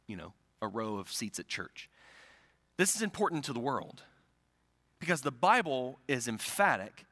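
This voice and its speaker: A man's voice: mid-range voice, pushed and bright, long reverb tail. A middle-aged male pastor preaching a sermon, telling stories and asking rhetorical questions, in a church sanctuary.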